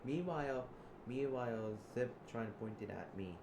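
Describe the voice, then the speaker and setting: A man improvising role-play narration, halting and repeating his words as he goes. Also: medium pitch, expressive, creaky. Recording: roomy, noisy background.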